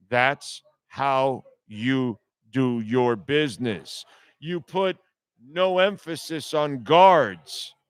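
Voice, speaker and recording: A man's voice: medium pitch, fairly bright tone, clear, resonant tone, no echo. Male sports talk host, blunt and sarcastic, dry close-miked sound, clean resonant tone. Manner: blunt, sarcastic, profane ranting.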